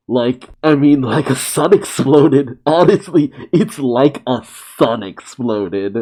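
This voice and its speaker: A man talks through a manga chapter in a relaxed, unhurried way, his voice mellow and dark. He gets excited, laughs often, swears and acts out the characters' lines as he recaps. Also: medium pitch. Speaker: manga reaction host. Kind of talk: casual manga reaction recap.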